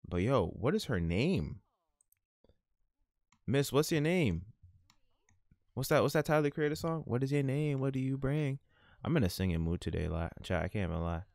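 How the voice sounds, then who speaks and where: A man's voice: low voice, dry recording, studio quality. A man hosting a gaming channel, giving casual, laid-back, slang-heavy commentary while he plays.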